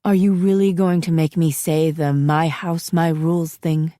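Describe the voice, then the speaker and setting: A woman's voice: deep voice, little pitch movement, unhurried, warm tone, no echo, studio quality. A woman narrator voicing a stern, weary mother who is firm and sarcastic with her teenage daughter.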